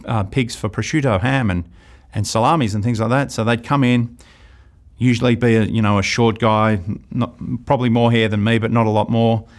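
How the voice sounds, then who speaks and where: A middle-aged Australian man teaching a sales course, telling anecdotes and acting out dialogues. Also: fairly low pitch. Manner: lively storytelling, acts out dialogues. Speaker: sales trainer. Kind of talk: recorded course lecture.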